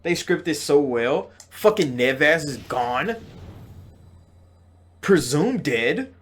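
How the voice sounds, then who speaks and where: Young male gaming host, slightly high-pitched, excitable and foul-mouthed, casual reaction rant with big swings in energy. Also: a little hiss or hum. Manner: excitable, profane, swings between loud outbursts and drawn-out slow stresses. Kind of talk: casual game reaction talk.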